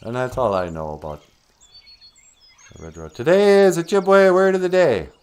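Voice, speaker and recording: A man's voice: on the high side, big pitch swings, moderate pace, a little mellow, smooth. A man hosting a comedic puppet show, rambling and giggling at himself. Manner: rambling, giggly, self-deprecating.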